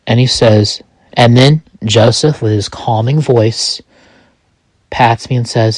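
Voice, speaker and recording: A man narrating a dark first-person story in a halting way, full of restarts and pauses. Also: mid-range voice, no room sound.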